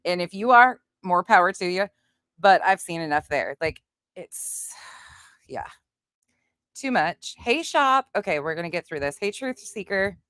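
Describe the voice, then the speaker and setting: A woman's voice: on the low side, expressive, a little slow, a bit bright, smooth, no room sound, studio quality. A woman hosting a casual livestream, greeting viewers by name and chatting bluntly with some swearing. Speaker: livestream host. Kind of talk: casual livestream chat reading comments.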